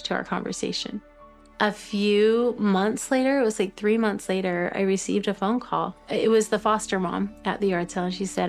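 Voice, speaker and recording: Middle-aged woman telling an emotional adoption story, halting, faint music under it. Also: medium pitch. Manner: tearful at moments, halting with fillers. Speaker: interviewee sharing an adoption story. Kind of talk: emotional personal testimony.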